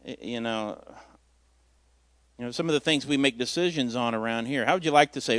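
A man's voice: mid-range voice, fairly quick, fairly bright tone, no echo. A man, a lay preacher, giving an informal sermon in a folksy, storytelling way with self-deprecating humor. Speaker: lay preacher filling in at church.

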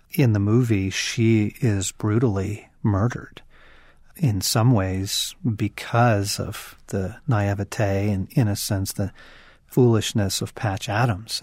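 A man's voice: fairly low pitch, vocal fry, darkish tone, slightly rough, no echo, studio quality. A man co-hosting a podcast conversation, talking about faith and suffering in an earnest, emphatic, preacherly way. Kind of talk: conversational Christian teaching.

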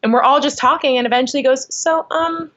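A young woman telling a story in a casual chat, animated and full of fillers. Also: high voice, racing. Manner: animated, lots of likes and ums. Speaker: guest. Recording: dull lo-fi sound.

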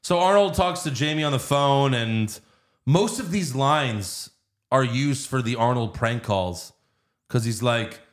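A man casually retelling a movie plot, animated and quick to laugh. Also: medium pitch. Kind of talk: casual movie recap chat.

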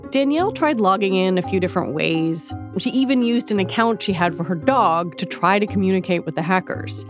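A woman podcast host with a scratchy voice from a cold, narrating the story in a measured, explanatory way. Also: medium pitch, expressive, over music. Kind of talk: scripted narration and interviewing.

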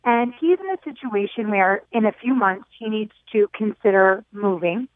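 A woman's voice: mid-range voice, moderate pace, no echo. Woman around forty calling in by phone. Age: late 30s to early 40s. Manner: earnest, hesitant, full of "you know". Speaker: caller. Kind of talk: phone-in question. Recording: phone line.

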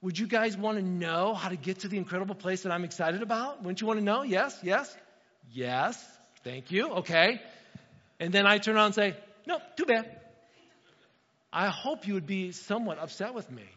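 Male pastor, high bright voice, chatty sermon, long hall reverb, slightly dull sound. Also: lively intonation, a little fast. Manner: conversational, asks the room "right?" often, acts out little dialogues. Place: church hall.

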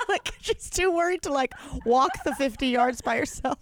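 A woman in her thirties co-hosting a podcast, telling stories in animated casual chat with frequent laughter. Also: high-pitched, normal speed. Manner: animated storytelling, frequent laughter and acted-out quotes. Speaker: podcast co-host.

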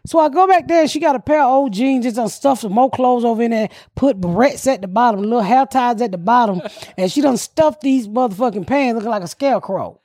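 A woman, telling stories in a brash, profane, animated way. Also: on the high side, fairly quick, few pauses, no room sound, clean studio sound. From United States. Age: older. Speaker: podcast host. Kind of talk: casual comedic storytelling.

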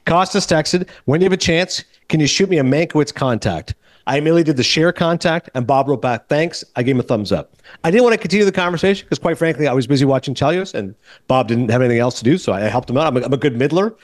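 Male podcast host, quick storyteller, slightly higher voice. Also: expressive, dry recording. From Canada. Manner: fast, chatty storytelling. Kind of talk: casual movie chat.

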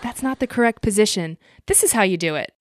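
A woman's voice: medium pitch, lively intonation, fast talker, background noise, natural voice. A woman voicing a brainy, pedantic female bandmate who corrects everyone, in an amateur audio drama. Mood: bossy. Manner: precise, corrective.

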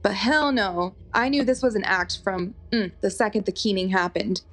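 A woman's voice: medium pitch, normal speed. A young woman telling a personal story in a casual, chatty way, full of fillers. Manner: animated, chatty, lots of fillers.

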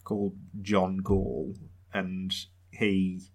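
A man's voice: deep voice, monotone, extremely slow, darkish tone. A man on a podcast, casually telling a history story in a wry, rambling way with lots of fillers.

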